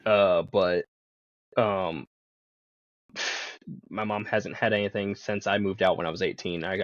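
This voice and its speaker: Podcast guest, a man with a lowish voice; loose, chatty storyteller, slightly muffled dry sound. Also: no echo. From Pennsylvania. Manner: rambling, laughs often, swears casually. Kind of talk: casual storytelling.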